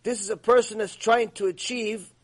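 A man teaching a long religious lecture, telling stories in an animated way and acting out the voices. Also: high-pitched, moderate pace. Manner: animated storytelling, acts out voices.

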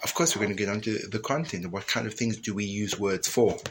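A man leading an informal Torah class, animated and emphatic, dropping to a hushed tone at times, with many fillers and restarts. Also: on the low side, quick pace, background noise. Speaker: teacher.

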